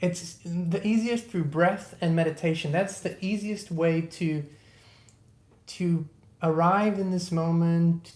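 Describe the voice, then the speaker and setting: A livestream host in casual talk who greets viewers by name and eases into slow, calm breathing guidance. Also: medium pitch, echoey room. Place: indoors at a laptop.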